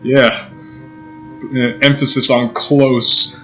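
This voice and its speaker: A man's voice: mid-range voice, flat delivery, very slow, pushed and bright, faint music behind, low-quality recording. A man hosting a gaming channel, reading a visual novel aloud in a playful way and joking about the story. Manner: playful, laughs at his own jokes.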